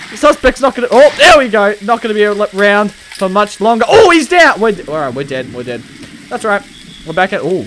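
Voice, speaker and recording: An excitable man commentates a game while playing a police officer, barking commands. His voice sits high and sounds bright and sharp. There is faint noise behind him. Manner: excitable, shouts police commands, laughs often. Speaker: gaming video host. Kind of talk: gameplay commentary with police role-play.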